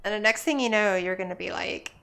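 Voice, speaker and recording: A woman's voice: medium pitch, quick pace, creaky, sharp tone, clean tone, soft background music. A woman chatting casually while she streams a game, rambling and joking as she plays. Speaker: let's play streamer. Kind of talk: casual chat while gaming.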